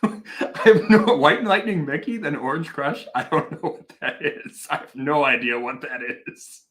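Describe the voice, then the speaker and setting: A man's voice: on the high side, unhurried, fairly bright tone. A man from Wisconsin hosting a casual whiskey livestream, chatting animatedly and reading out viewer comments, with a self-deprecating streak and casual swearing. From Wisconsin, Milwaukee area. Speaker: whiskey reviewer, livestream host.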